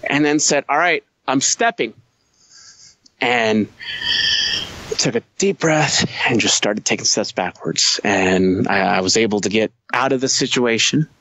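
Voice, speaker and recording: A man's voice: mid-range voice, measured pace, sharp tone, dry recording, rough recording. Profane male veteran telling a war story. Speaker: podcast guest, Marine veteran. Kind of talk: casual storytelling.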